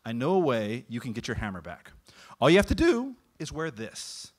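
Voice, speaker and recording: A man voicing a sly male shapeshifter god, smooth and scheming. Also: mid-range voice, huge pitch swings, moderate pace. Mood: reassuring.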